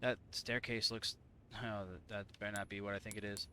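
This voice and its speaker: A man's voice: lowish voice, flat delivery, fairly quick, bright, forceful tone, a little hiss or hum. A man from Indiana giving casual, profane, rambling let's-play commentary to his viewers. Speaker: gaming streamer.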